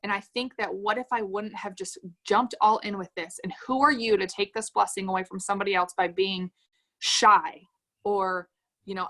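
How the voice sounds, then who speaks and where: A woman's voice: medium pitch, steady tone, moderate pace, a bit bright. A woman leading a sales team on a livestream, giving an upbeat motivational talk and reading comments from the chat aloud. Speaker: direct-sales team leader.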